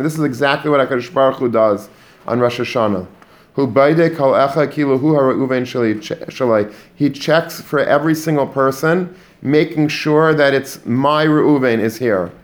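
A man giving a Torah lesson to students, animated, often repeating words and mixing in Hebrew and Yiddish terms. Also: mid-range voice. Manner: animated, repeats words while building a point. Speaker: Torah teacher. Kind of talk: religious lecture to students.

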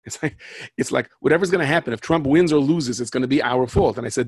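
A man with a husky mid-range voice speaks fast, telling parables and jokes in a wandering, conversational manner that keeps breaking off and picking back up. There's no room sound, just clean studio audio.

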